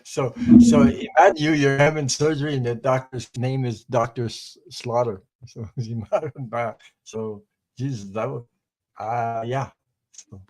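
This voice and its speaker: A man's voice: medium pitch, steady tone, a little slow, darkish tone, poor audio. An older man from French Canada, a guest who rambles through funny anecdotes and laughs at his own stories. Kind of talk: casual storytelling chat.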